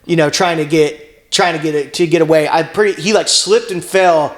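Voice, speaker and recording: A man's voice: on the high side, normal speed, roomy sound. A young man, a comedian, telling a long story in a casual, profane, rambling way. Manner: rambling, profane, animated retelling with acted quotes. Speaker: comedian guest.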